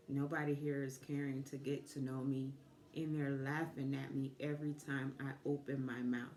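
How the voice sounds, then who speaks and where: A woman in her fifties, a life coach giving a motivational talk, telling a personal story reflectively with pauses. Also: low voice, darkish tone, a little hiss or hum. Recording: echoey room.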